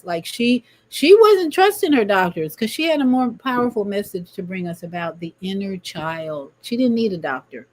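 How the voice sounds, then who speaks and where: A woman hosting a spiritual livestream talk show, speaking in an emphatic, preachy way and often repeating words. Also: medium pitch. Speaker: livestream host.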